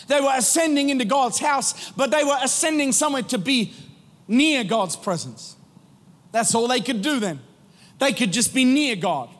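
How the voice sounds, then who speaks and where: A man preaching a sermon as pastor, building with fervor and breaking into shouts. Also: very high voice. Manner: impassioned preaching, rising to shouts. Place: church sanctuary. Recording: long reverb in a large hall with music.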